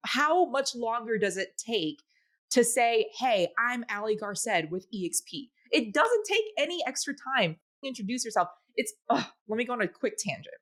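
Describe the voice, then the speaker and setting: Woman co-host venting on a podcast, pitch all over the place, emphatic. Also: very animated, moderate pace, fairly bright tone. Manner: emphatic, ranty. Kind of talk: casual chat.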